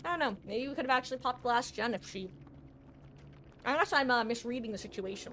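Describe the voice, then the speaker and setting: Bright-voiced chatty woman streaming a game. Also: fairly high pitch, lively intonation, quick pace, slight background noise. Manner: rambling, chatty, often laughing and self-correcting. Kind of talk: casual live-stream chat while gaming.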